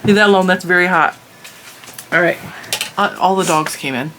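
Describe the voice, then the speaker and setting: A woman's voice: on the low side, normal speed, background noise. A woman hosting a vlog, chatting casually and teasingly with her child in a motherly way.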